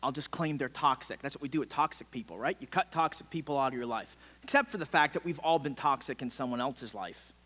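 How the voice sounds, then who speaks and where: A man's voice: medium pitch, animated, quick pace, hardly any pauses, fairly bright tone. Man, middle-aged, pastor, sermon, passionate emphatic delivery, long church reverb. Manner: impassioned, emphatic preaching with sudden swells and drops. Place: church sanctuary.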